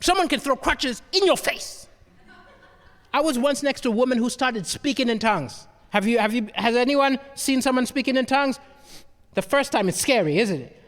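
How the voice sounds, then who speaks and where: A man's voice: very high-pitched, normal speed. A man doing a stand-up comedy set, telling stories and checking in with the crowd. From Malawi. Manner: animated storytelling, asks the crowd "right?". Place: comedy venue stage. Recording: long reverb of a hall.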